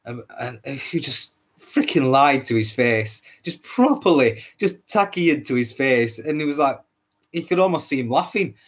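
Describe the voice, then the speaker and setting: A man's voice: medium pitch, animated, moderate pace, breathy edge. A man hosting a solo podcast, ranting in a heated, repetitive way, swearing often and stumbling over his words. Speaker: podcast host.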